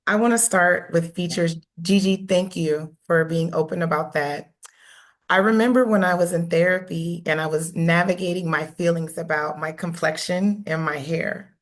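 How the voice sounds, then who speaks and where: A woman's voice: fairly low pitch, steady tone, moderate pace. A woman panelist on a video call, openly recounting a personal story.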